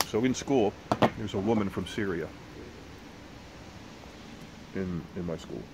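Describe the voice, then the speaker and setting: A man with a very low, deep voice rambles through a casual vlog, restarting sentences and dropping curses as he goes. Faint road noise hums behind him. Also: slow. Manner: rambling, profane, self-correcting. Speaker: pipe tobacco vlogger.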